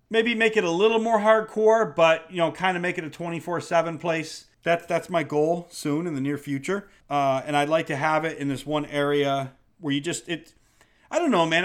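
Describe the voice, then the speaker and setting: A man's voice: on the high side, a bit bright. Man, middle-aged, podcast host, exasperated, blunt, heavy swearing, casual rant.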